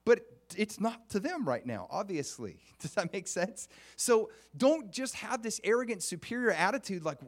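A man's voice: moderate pace, few pauses. A man preaching a conversational sermon, earnest and often putting questions to the congregation, with frequent restarts. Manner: earnest, with restarts and lively pitch swings.

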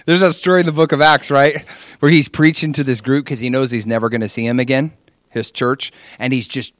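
A pastor in his forties preaching a sermon, telling a personal story in an animated way and acting out his own past prayers and conversations. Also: medium pitch, a little fast, no echo.

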